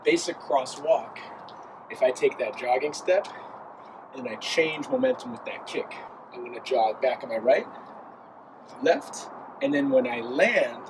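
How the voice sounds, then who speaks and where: A man's voice: mid-range voice, noisy background. Man counting dance steps aloud. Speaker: dance instructor. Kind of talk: dance tutorial while demonstrating.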